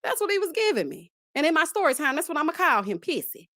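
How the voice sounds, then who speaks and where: A woman's voice: high voice, sing-song, quick pace, a bit bright, dry recording, studio quality. A woman, chatting casually and animatedly as host of a reality-TV recap, laughing often and calling listeners child and honey. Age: 30s.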